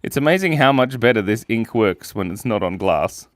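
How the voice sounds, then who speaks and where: A man's voice: mid-range voice, expressive, normal speed, dry recording, studio quality. A young man hosting a casual live stream, chatting playfully with viewers as he draws and reads out their comments. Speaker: livestream host drawing for viewers.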